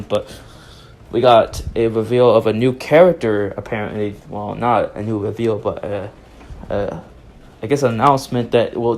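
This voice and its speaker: A man's voice: mid-range voice, darkish tone. A man making a video, recapping in a casual, rambling way and correcting himself as he goes. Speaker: video maker summarizing.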